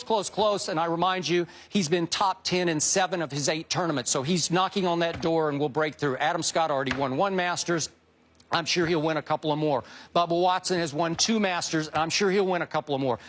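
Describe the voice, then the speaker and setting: A middle-aged man on a sports debate show, laying out his picks with emphatic, building excitement. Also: a little high.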